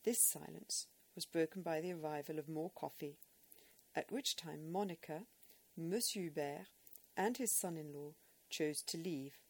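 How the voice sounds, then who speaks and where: A woman's voice: low voice, husky. Woman reading an audiobook. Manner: measured, expressive reading. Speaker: narrator. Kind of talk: audiobook narration.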